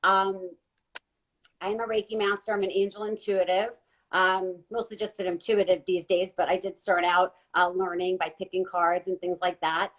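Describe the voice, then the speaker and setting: A woman guest giving an earnest, gentle spiritual talk during a live online chat. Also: lowish voice, level tone, normal speed, low-quality recording. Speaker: guest intuitive reader. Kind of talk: casual live-stream talk.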